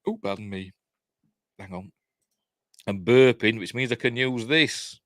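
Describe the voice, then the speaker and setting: A man from Yorkshire, England, hosts a live news stream in his Yorkshire accent, reading headlines and then rambling into chatty, self-deprecating asides with mild swearing and laughter at his own jokes. His voice is medium-pitched, unhurried and fairly bright, with a little hiss or hum.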